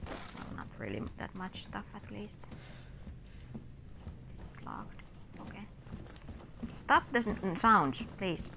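A woman's voice: medium pitch, sing-song, slow pace, creaky, noisy background. A woman giving casual, exasperated commentary while playing a video game, talking to the enemies on screen. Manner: chatty, exasperated, talks to enemies. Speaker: gamer.

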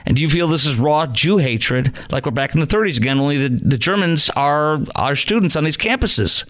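A man's voice: a little high, animated, brisk, a bit bright. A middle-aged man from Chicago hosting a call-in talk radio show, indignant and full of rhetorical questions.

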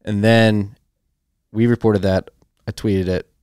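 A man's voice: fairly low pitch, level tone, slow pace, darkish tone, clean tone, no echo, clean studio sound. A man hosting a podcast, reading news items in casual chat with a joking, teasing manner.

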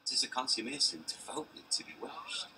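A man playing a brooding young prince, speaking a classical soliloquy in Shakespearean original pronunciation with a West Country burr, in measured, rolling verse. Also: medium pitch, pushed and bright, far from the mic, slight background noise, low-quality recording. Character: brooding young prince weighing life and death.

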